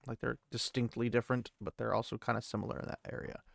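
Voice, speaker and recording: A man hosting a casual book-recap podcast, rambling and thinking aloud as he goes. His voice is gravelly, with a medium pitch. He is recorded close on a dry mic with no room sound. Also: flat delivery, quick pace, a bit bright, no echo. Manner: rambling, thinks aloud, many fillers and restarts. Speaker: podcast host.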